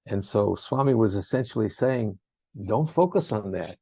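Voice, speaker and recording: A man with a gravelly, husky voice speaks in an earnest, rambling way during a spiritual talk. He jumps into raised voices when quoting people. The sound is dry and close. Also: lowish voice, expressive, moderate pace, mellow, no room sound.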